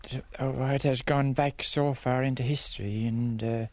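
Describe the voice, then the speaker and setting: An Irish man, a local parishioner, reflecting in an interview in a halting, thoughtful way. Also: medium pitch, fairly even intonation, darkish tone, no room sound.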